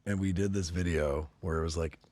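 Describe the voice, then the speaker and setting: A man guesting on a podcast, telling profane stories with animated energy and frequent laughter. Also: low voice, a little fast. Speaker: guest, company representative. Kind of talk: casual podcast chat.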